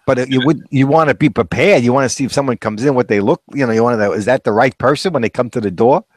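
A man's voice: medium pitch, fast, a little mellow, no echo. A man co-hosting a casual chat, telling anecdotes with chuckles and acting out quoted voices. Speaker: co-host.

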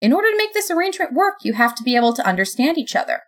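Woman reading a harried middle-aged God, high, bossy and businesslike, in a storybook reading. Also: very animated, rapid-fire. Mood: brisk bossy. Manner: curt, businesslike, commanding.

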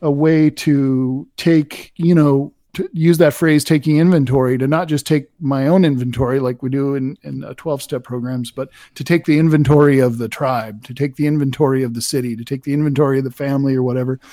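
A man's voice: medium pitch, steady tone, fairly quick, hardly any pauses, warm tone, dry recording, studio quality. A man being interviewed about his poems, talking thoughtfully and rambling, with many fillers and restarts. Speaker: poet guest. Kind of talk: casual conversation about poetry.

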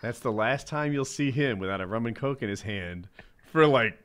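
A man's voice: mid-range voice, moderate pace, smooth. A man in casual podcast chat, talking loosely with lots of fillers and laughter. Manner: lively, laughing, lots of "like" and "you know".

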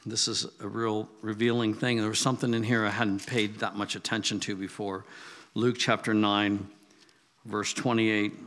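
A man's voice: on the low side, little pitch movement, normal speed, fairly bright tone, in a large hall. An older man giving a casual Bible teaching, chatty, with asides and restarts. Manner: conversational, restarts and asides, acts out quotes.

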